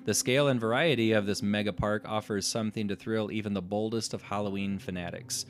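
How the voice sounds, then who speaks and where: A man's voice: on the low side, fairly even intonation, brisk. A man hosting a casual podcast chat, reading haunted house listings aloud and joking about them. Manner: reads aloud, then jokes and laughs. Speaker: podcast host.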